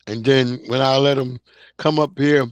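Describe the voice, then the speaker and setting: A man in his thirties or forties from Long Island, New York, hosts a livestream, reacting to chat comments in a loose, casual way full of slang. His voice is smooth and medium-pitched, with fairly even intonation and a moderate pace, and there's no echo.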